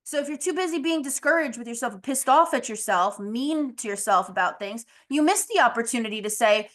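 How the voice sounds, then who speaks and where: A woman talks straight to her listeners in a loose, candid monologue, sprinkled with fillers and the occasional curse. Her voice sits a touch high, and it is worn and a bit strained from overuse. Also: animated, a little fast, hardly any pauses, a bit bright. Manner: candid, chatty, frequent "like" and "you know", mild swearing. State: losing her voice, clearing throat. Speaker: podcast host. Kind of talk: casual motivational monologue.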